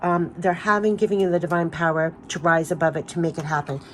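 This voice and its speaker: A woman's voice: on the low side, level tone, quick pace, slight background noise. A woman doing an emotional spiritual card reading, talking in a gushing, emphatic way and repeating phrases, her voice giving out. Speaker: tarot card reader.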